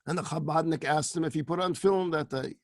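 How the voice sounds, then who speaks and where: Man, rabbi, storytelling lecture, animated, slightly high voice, dry sound. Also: fairly quick, no room sound. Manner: animated storyteller, acts out dialogue.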